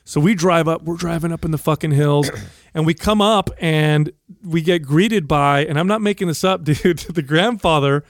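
A man's voice: moderate pace, dry recording, studio quality. A man co-hosting a podcast, telling a long family story with lots of swearing and acting out the people he quotes. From USA. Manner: acts out quoted people with raised pitch, swears freely. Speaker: podcast co-host. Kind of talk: animated storytelling.

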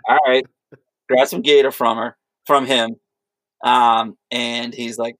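A man's voice: mid-range voice, flat delivery, unhurried, fairly bright tone, dry recording. A man casually telling a rambling, profane story in conversation. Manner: rambling anecdotes with profanity and quoted voices. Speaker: podcast co-host.

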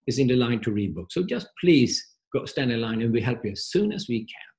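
Man reads a patient female flight attendant, soft and friendly. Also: medium pitch, big pitch swings, fairly quick, creaky. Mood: calm polite.

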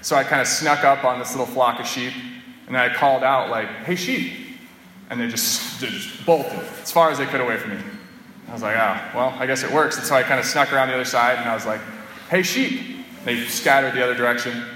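A priest delivers a homily, telling his points in an easy, conversational way. His voice is bright and forward. The recording was made in a church, so the sound rings off the walls with a long reverb tail and faint room noise underneath. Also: medium pitch, fairly even intonation, fast talker. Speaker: Catholic priest.

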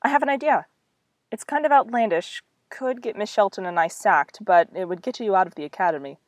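A woman's voice: lowish voice, big pitch swings, darkish tone, no room sound. A woman voicing a blunt, practical kitchen maid in a storybook reading. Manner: blunt, brisk.

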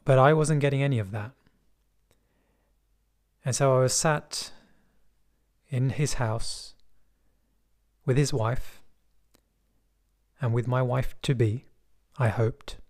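A middle-aged man with a soft West London accent tells a personal story at a steady, measured pace. His voice is an ordinary middle pitch, and he sounds thoughtful, reflective and quietly wry.

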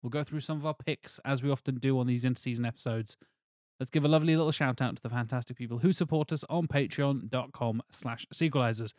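A man's voice: medium pitch, fast, darkish tone, no room sound, clean studio sound. A man hosting a casual podcast, joking with his co-hosts and reading out supporter names. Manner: jokey, reads out supporter names. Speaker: podcast host.

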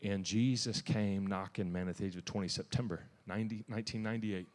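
Zealous man preaching with low voice. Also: fairly even intonation, brisk, big-room sound. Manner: emphatic, zealous, with restarts and sudden loud bursts. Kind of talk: sermon testimony. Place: church.

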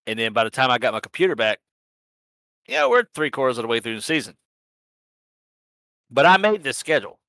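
A man's voice: medium pitch, sing-song, brisk, pauses often, pushed and bright, no room sound. A man recapping a sim racing season in a casual, rambling chat, swearing freely and laughing at himself. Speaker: sim racing league organizer and podcast host.

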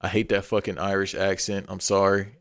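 A man's voice: deep voice, level tone, a little fast, no echo. A man co-hosting a casual wrestling chat, blunt, profane and opinionated.

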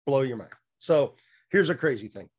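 A man's voice: medium pitch, lively intonation, moderate pace. A middle-aged man telling a candid personal story as a guest, rambling with many fillers and restarts, blunt and a little profane.

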